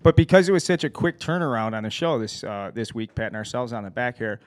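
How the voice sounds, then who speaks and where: Man hosting a sports podcast, animated. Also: medium pitch, fast talker, no echo, studio quality. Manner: animated, profane anecdotes. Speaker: podcast host. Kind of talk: casual sports chat.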